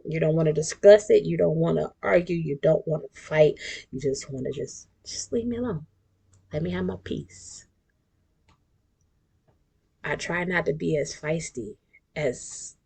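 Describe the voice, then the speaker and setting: A woman talks through her own podcast in an unhurried, drawn-out way. Her voice sits low and has a gravelly fry to it, along with a husky edge. She is chatty and emphatic, and she drops into whispered asides. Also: warm tone. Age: 40s. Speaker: podcast host. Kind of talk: casual podcast monologue.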